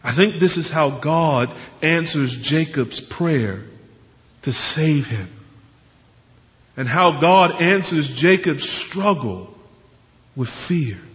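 A pastor preaching a sermon, explaining scripture earnestly and posing questions to the congregation. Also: male voice, a little high, animated, slow, pauses often. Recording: muffled sound with long hall reverb.

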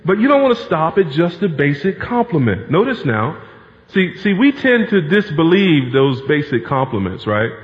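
Male pastor, fairly high voice, chatty preaching with lots of repetition, long church reverb, dull lo-fi recording. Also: sing-song, moderate pace. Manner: conversational preaching, repeats key phrases for emphasis. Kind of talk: sermon. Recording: reverberant hall, dull lo-fi sound.

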